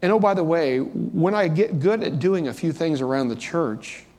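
A man's voice: on the high side, lively intonation, normal speed, a little mellow. A man pastor preaching a sermon in a church, talking conversationally and lifting his voice for emphasis. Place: church sanctuary. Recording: long reverb of a church hall.

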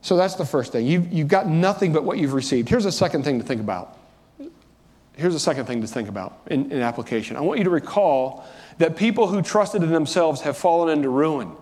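A man preaching a sermon from the pulpit, with a slightly higher-pitched voice. He talks in a conversational way and rises sharply on the words he stresses. The sound carries the long reverb of a church hall. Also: expressive, brisk, a little mellow. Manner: conversational preaching, rising for emphasis. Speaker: pastor. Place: church sanctuary.

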